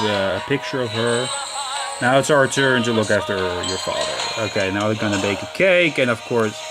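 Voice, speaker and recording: A gaming channel host with a lowish voice gives casual, rambling let's-play commentary, often apologizing and starting his sentences over. He's recorded on a camera mic pointed at a handheld console screen, with game music playing behind him.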